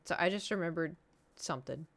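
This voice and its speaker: Chatty woman streamer, lowish voice. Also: brisk. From United States. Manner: chatty, animated, rambling. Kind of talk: casual chat with chat.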